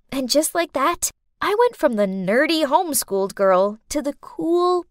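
High, lively woman storyteller. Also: no echo, clean studio sound. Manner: expressive, sassy. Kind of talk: dramatic first-person story narration.

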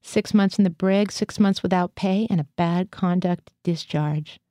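Woman voicing a scruffy young male Marine deserter, slangy, profane, low voice. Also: a little slow, warm tone, no echo, clean studio sound, lightly acted. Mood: loose.

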